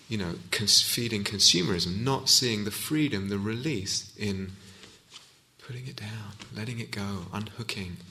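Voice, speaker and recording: Gravelly, bright-voiced male meditation teacher. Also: fairly low pitch. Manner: reflective, unhurried, with restarts and searching for words. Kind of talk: Dharma talk. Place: meditation hall.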